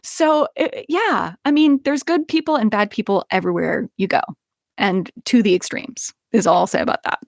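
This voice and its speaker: A young woman telling a personal story in casual conversation, animated, with frequent laughs and many restarts. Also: medium pitch, normal speed, creaky, no room sound, clean studio sound. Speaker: podcast guest.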